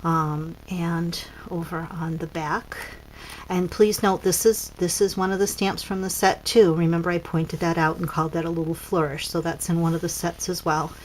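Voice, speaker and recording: A woman's voice: fairly low pitch, fairly even intonation, normal speed, a little hiss or hum, poor audio. A woman casually demonstrating papercraft cards as a seller, chatty and pointing things out with frequent ums.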